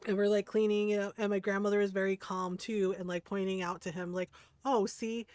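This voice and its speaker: A woman's voice: medium pitch, monotone, quick pace, a little mellow, no echo. A woman streamer casually telling a story to her live chat, rambling and often laughing, checking in with "right?" after many lines. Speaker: game streamer.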